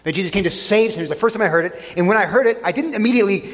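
A middle-aged man preaching a sermon to a congregation, earnest, often dropping soft and low on key lines. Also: very fast. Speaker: pastor. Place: church sanctuary. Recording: long church hall reverb.

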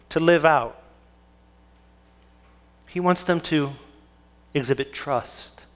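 Man preaching in a reverberant hall. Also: on the high side. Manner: asks the congregation rhetorical questions. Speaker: pastor. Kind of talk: sermon.

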